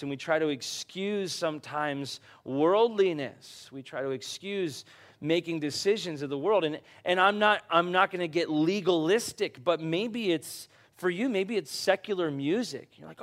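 A middle-aged man preaching a conversational sermon, growing animated as he tells personal stories. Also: fairly high pitch, moderate pace. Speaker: pastor.

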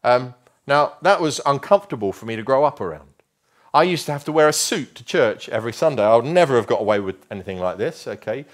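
A man preaching a sermon, emphatic and slowing right down to stress key phrases. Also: medium pitch, animated. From England.

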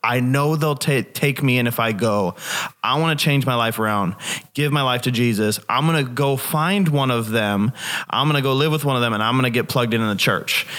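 A young man telling a personal faith story in a casual church discussion, animated, with lots of fillers and restarts. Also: medium pitch, brisk. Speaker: church member sharing a testimony.

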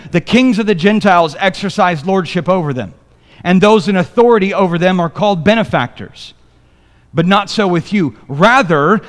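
In a church sanctuary, a man preaching as pastor speaks in a high voice trailed by long reverb. He reads scripture and jokes with the congregation in a loose, conversational manner.

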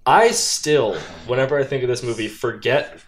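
A man's voice: medium pitch, normal speed. Man, casual chat, laid-back, musing, slight background noise.

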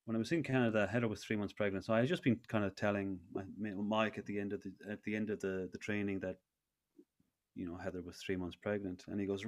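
A man's voice: fairly low pitch, fairly even intonation, quick pace. A man in his thirties, a breathwork facilitator, telling a personal story in a casual interview with many restarts. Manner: rambling with frequent restarts.

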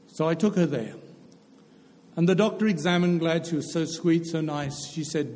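A man's voice: a little high, moderate pace, a little mellow. An older man telling a personal testimony as a preacher, earnest and storytelling, often repeating phrases for emphasis. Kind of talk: testimony sermon. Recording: hall reverb.

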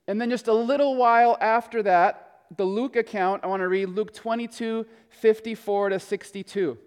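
High-voiced man preaching in a hall. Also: normal speed, clean tone. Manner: conversational storytelling, swinging between hushed and emphatic. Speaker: pastor. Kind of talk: sermon.

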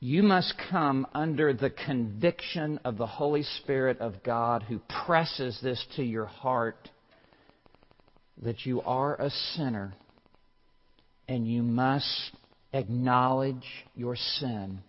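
Slow, booming preacher in a hall. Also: male voice. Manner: swings from low and hushed to loud, forceful exclamations; slow, deliberate emphasis on single words. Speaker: pastor. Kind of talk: sermon. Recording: muffled sermon recording in a large reverberant hall.

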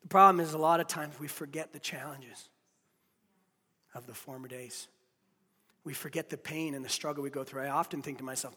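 A man's voice: fairly high pitch, fairly even intonation, fairly quick, pauses often, pushed and bright, breathy edge, big-room sound. A man preaching a sermon, emphatic, repeating key phrases and speaking straight to his listeners. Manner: addresses listeners directly. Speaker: pastor.

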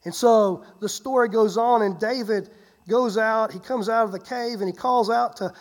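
A pastor preaching a sermon, retelling a Bible story with animated swings between loud and hushed delivery, often repeating and restarting words. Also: mid-range voice, moderate pace.

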